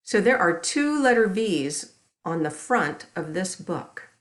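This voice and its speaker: A woman librarian reading a storybook aloud to young children, gentle and expressive. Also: fairly low pitch, slow.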